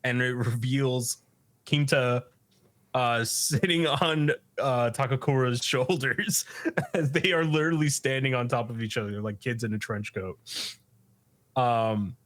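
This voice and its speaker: Podcast host, man, unhurried, casual and profane, mid pitch. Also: fairly bright tone. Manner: loose, profane, laughs often. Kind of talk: casual episode recap.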